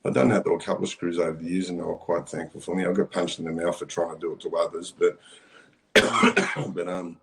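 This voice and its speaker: A man's voice: low voice, flat delivery, brisk, vocal fry, fairly bright tone. A middle-aged Australian man telling a rambling, blunt, profane story in casual conversation. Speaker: former prisoner sharing his story.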